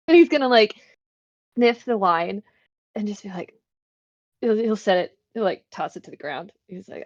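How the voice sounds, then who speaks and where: A woman's voice: medium pitch, animated, moderate pace, pauses often, darkish tone, dry recording. Chatty woman on a muffled mic. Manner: chatty, laughs often, says 'like' a lot. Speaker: player. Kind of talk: casual tabletop play.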